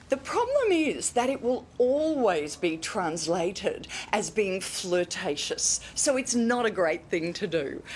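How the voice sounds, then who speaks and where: Aussie lady from queensland, expert on a morning show, really animated pitch, kinda emphatic, bit of hum behind. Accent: Australian. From Queensland, Australia. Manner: emphatic, demonstrative, swooping pitch to illustrate points. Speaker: communication expert guest.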